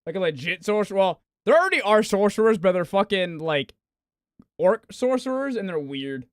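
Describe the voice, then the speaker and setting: High, lively-voiced swearing streamer guy. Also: normal speed, clean tone, dry recording, studio quality. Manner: swearing, ranting, melodramatic outbursts. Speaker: gaming streamer. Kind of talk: casual live-stream chatter.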